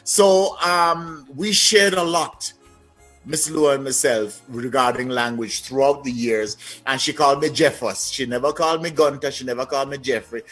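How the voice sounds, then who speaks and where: A man from Jamaica with a Jamaican accent, a guest telling lively stories in a casual interview. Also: medium pitch, moderate pace, husky, faint music behind. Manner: lively, anecdotal, trailing-off phrases.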